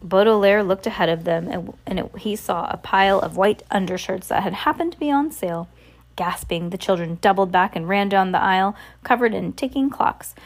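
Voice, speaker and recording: A woman's voice: medium pitch, brisk. A woman reading a novel aloud in a casual way, with small slips and restarts. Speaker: reader.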